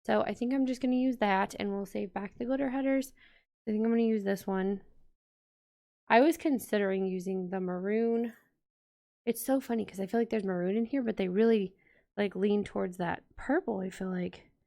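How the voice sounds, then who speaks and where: A woman's voice: medium pitch, moderate pace, vocal fry, mellow. A woman vlogger chatting casually to her viewers while decorating a planner, rambling and talking straight to the audience. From United States.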